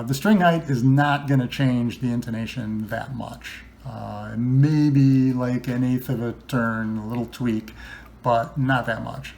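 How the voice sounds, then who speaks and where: Chatty gravelly man explaining guitar setup. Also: medium pitch. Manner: chatty, loose, many ums and restarts. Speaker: guitar builder demonstrating setup. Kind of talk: casual instructional talk.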